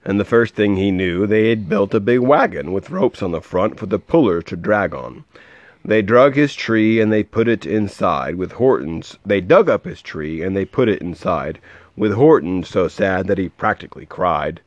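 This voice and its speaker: A man reads a rhyming storybook aloud to a child in a low voice that swings lively up and down in a sing-song way. He drops into soft asides between verses. The recording is dry and dull, lo-fi, with no room sound. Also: normal speed, no room sound. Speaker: reading a picture book to a child.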